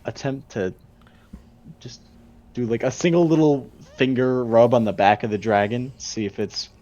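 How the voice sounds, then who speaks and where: A man's voice: mid-range voice, normal speed, warm tone, highs cut off. A man playing a tabletop game, giving short, dry replies and describing his character's moves. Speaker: player. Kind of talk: casual chat at a game table.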